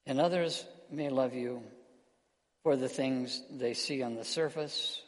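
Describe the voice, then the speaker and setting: Man, pastor, earnest sermon, medium pitch, long hall echo. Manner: earnest preaching, slowing and softening on key words.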